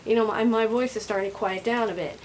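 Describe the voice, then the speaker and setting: An overstimulated woman rambles straight to camera in a casual vlog. Her voice sits a little high, pushed louder than usual, and sounds angry and on edge. There is a faint hiss underneath. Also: fairly even intonation, fast talker, rough recording. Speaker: vlogger.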